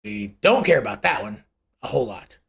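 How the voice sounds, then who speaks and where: This is a host of a live chart analysis show who talks casually and off the cuff. Their voice swings widely up and down in pitch as they throw in homely comparisons and rhetorical questions. They often break off and restart phrases. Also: big pitch swings, a little fast, creaky, fairly bright tone. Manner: conversational and rambling, with self-corrections.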